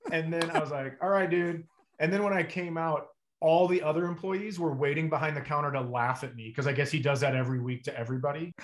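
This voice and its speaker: A middle-aged man, a comedian, telling stories in a relaxed chat and acting out the dialogue. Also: a little high, fast talker. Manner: animated storyteller acting out dialogue. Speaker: comedian guest. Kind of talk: casual storytelling chat.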